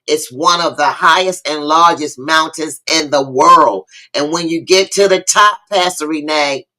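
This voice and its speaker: A woman with hosts a lively livestream talk show. Her voice is bright and forward. She preaches more than she chats, hails viewers by name and says key lines over again. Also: low-pitched, measured pace, rough recording. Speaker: host of a live online talk show.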